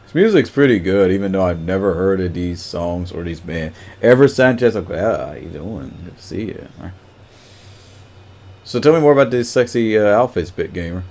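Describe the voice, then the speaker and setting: A man's voice: low voice, animated, moderate pace, darkish tone. A man chatting casually on a livestream, greeting viewers by name and rambling with lots of fillers.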